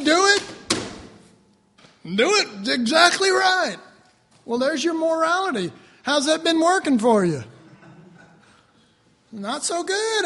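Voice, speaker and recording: High-pitched guy preaching, gets loud then drops quiet, lots of reverb in the room. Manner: animated, swings between loud outbursts and quiet asides. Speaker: preacher teaching a Bible class. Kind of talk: sermon.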